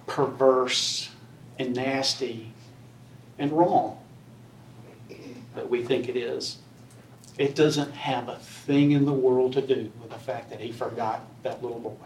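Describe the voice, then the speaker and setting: A man argues to a jury in a courtroom, pressing his points by repetition. The audio is roomy and picked up from a distance, with faint room noise behind him. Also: medium pitch. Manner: forceful, repetitive persuasion. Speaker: defense attorney. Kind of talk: courtroom closing argument.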